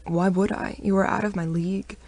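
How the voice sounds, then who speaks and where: A woman's voice: medium pitch, fairly even intonation, brisk, a little mellow, close to an everyday voice. A woman reading the lines of a teasing young man in a romance audiobook, barely changing her voice.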